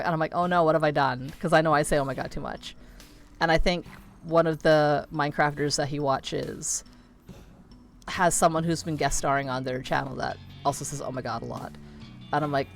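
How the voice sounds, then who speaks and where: Give me a woman in her thirties with a low voice, casually chatting and cursing while playing a game. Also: steady tone, moderate pace, gravelly, faint music behind. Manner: rambling, swears casually, many "like" fillers. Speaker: streamer.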